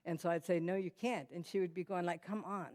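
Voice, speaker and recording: A woman's voice: lowish voice, steady tone, a little fast, darkish tone. A woman giving a personal testimony to a church audience, telling her story in a conversational way with many fillers and restarts and talking directly to the listeners. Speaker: guest speaker. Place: church hall.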